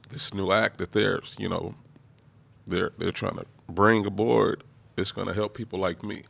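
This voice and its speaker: A man in his forties giving an emotional, halting speech at a press conference, close to tears and often clearing his throat. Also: sits low, steady tone, a bit bright. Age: 40s. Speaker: guest speaker, kidney patient.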